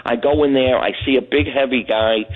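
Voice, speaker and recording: A man's voice: mid-range voice, steady tone, brisk. A middle-aged man from Brooklyn calls in to a late-night radio show. His voice comes through a thin, tinny phone line. He rambles through a long anecdote, voicing each person in the story as he goes. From Brooklyn, New York. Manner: rambling, anecdotal, acts out other people's lines. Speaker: caller. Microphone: telephone.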